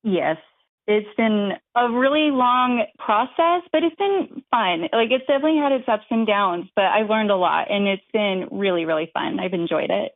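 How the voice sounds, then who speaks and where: A woman's voice: mid-range voice, lively intonation, normal speed, dry recording. A woman in her thirties, an author guest, chatting in a bubbly, chatty way. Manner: bubbly, chatty, laughs often. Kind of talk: casual interview chat. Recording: tinny phone line.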